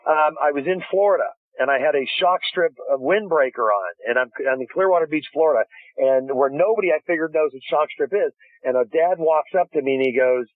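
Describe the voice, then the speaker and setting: Speaking a little fast in a fairly high voice, this man is an inventor appearing as a guest in a phone interview. He spins his stories excitedly and keeps starting over, and the call sounds thin and tinny with no room sound at all.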